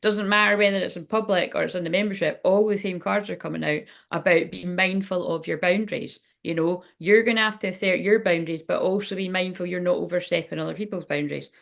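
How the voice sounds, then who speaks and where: A woman's voice: on the low side, fairly even intonation, quick pace, vocal fry, few pauses. A middle-aged woman giving a casual tarot reading, rambling and frank, swearing freely. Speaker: tarot reader. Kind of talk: casual spiritual reading chat.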